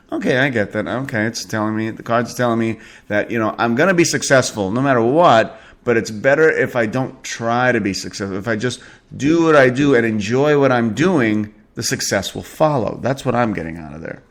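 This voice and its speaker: A man's voice: mid-range voice, expressive, moderate pace. A man hosting a casual web radio show, talking in a rambling, profane way with lots of fillers. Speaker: podcast host. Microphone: home podcast setup.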